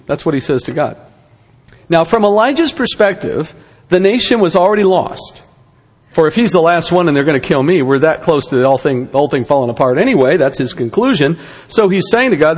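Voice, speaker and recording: A man's voice: on the high side, lively intonation, brisk, husky, big-room sound. A man giving a conversational Bible lesson, with rhetorical questions and wry asides. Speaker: Bible teacher.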